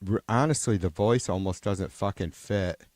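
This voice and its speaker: Streamer, male, low and dry, profane rambling chat, unscripted. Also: moderate pace, darkish tone, no room sound. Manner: rambling and profane, with many restarts and trailing-off sentences. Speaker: livestream host.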